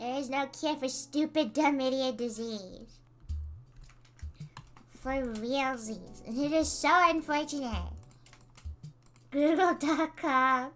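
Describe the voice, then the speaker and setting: Young woman streamer, high bright voice, animated and exasperated, keeps laughing at chat. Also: takes it slowly, soft background music. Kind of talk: casual live-stream chat reading chat.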